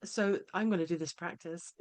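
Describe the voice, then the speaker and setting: A woman hosting a podcast, talking in a casual, halting way with frequent restarts and tag questions. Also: on the low side, darkish tone. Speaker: podcast host. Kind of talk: casual conversational interview.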